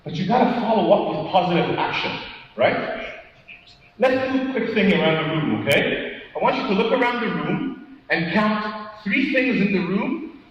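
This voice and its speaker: A man with a high, expressive voice speaks at a moderate pace, giving an interactive motivational talk in a large conference hall. He engages the crowd by quizzing them, tacking "right?" onto his lines, and acting out anecdotes with quoted dialogue. The recording is dull and echoey, picked up from far across the hall.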